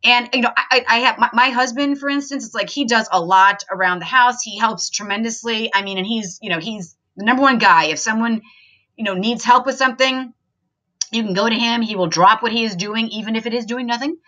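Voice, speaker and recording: A woman's voice: on the high side, a little fast, sharp tone, muffled recording. A woman hosting a podcast, talking in an earnest, chatty self-help monologue with many fillers. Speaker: podcast host.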